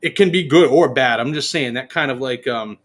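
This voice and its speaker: In a casual podcast chat, a man tells a story with animation, swearing freely and acting out what people said. His voice is mid-range and his pace brisk.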